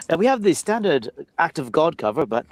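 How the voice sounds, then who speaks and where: A man with a slightly high voice makes dry joking asides on a casual comic book podcast. His recording sounds close and dry. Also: big pitch swings, moderate pace, a little mellow, no echo. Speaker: podcast co-host.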